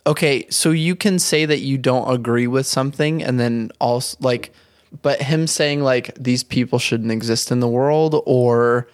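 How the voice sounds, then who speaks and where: A man's voice: mid-range voice, measured pace, clean tone, no room sound, studio quality. A young man talking animatedly in a casual podcast chat, with lots of filler words. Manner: animated, talks in bursts with many fillers.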